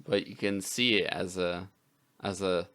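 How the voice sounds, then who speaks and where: Podcast guy rambling with lots of "you know", smooth clear voice, lowish. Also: fairly even intonation, measured pace, pushed and bright. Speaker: podcast co-host. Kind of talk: casual chat.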